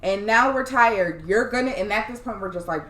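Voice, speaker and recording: A woman's voice: medium pitch, lively intonation, normal speed, a bit bright. A young woman co-hosting a casual podcast, talking emphatically and swearing. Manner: emphatic, sweary, talks over her co-host. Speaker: podcast co-host. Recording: echoey room with faint noise.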